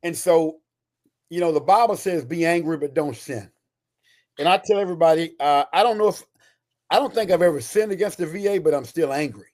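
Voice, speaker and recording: In his sixties, this retired Army Ranger and author speaks as a guest in a high voice with a darkish tone. He's a fast-talking, emphatic storyteller, keeping the stories animated.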